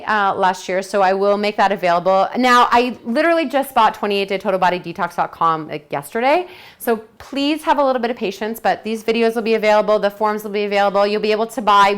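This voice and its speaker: A woman's voice: medium pitch, quick pace, smooth. A woman presenting a detox program to a group, talking chattily and enthusiastically and acting out her own quotes.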